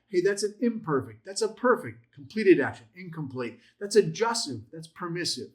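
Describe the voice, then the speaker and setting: A man's voice: sits high, very animated, normal speed. A man teaching a Bible class in a methodical way, listing terms, repeating points and asking rhetorical questions.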